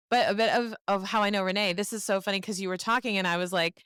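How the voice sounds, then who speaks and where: A woman's voice: mid-range voice, fairly even intonation, quick pace, a bit bright, clear, resonant tone, dry recording, studio quality. A woman with a North Shore Boston accent hosting a podcast, chatty and laughing as she asks long rambling questions. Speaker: podcast host. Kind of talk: podcast conversation.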